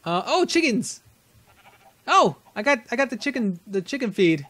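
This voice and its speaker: A man's voice: extremely high pitch, big pitch swings, normal speed, sharp tone. A man rambling chattily through casual game commentary, laughing often as he talks. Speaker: gaming channel host. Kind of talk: casual let's-play commentary.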